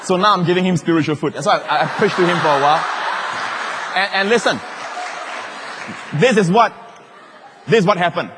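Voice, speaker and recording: A man preaching a sermon as a pastor, telling stories in an animated way and acting out the voices he quotes. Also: high-pitched, a little fast, pauses often, noisy background. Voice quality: animated, acts out quoted voices, laughs as he talks. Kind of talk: sermon with personal storytelling. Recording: long reverb of a large hall.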